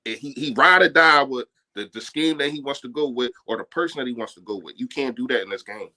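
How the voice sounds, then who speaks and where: Emphatic man with a bright forceful voice. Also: mid-range voice, fairly quick. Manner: emphatic, repeats himself, says man a lot. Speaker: co-host of a fan sports stream. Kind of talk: casual sports chat.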